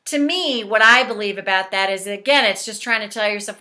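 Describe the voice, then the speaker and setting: A woman's voice: mid-range voice, a little fast, sharp tone. A woman coaching a guided tapping session, leading blunt, profane statements for the listener to repeat.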